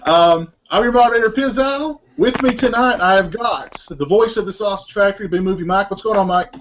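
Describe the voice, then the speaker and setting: A man's voice: high-pitched, brisk, muffled recording, a little hiss or hum. A man acting as moderator of a casual group film commentary, introducing each guest and laughing often.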